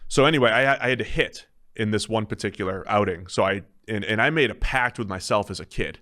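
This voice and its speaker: A man's voice: on the low side, brisk, sharp tone. A man hosting a podcast in casual banter, telling a long anecdote and laughing through it. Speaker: podcast host.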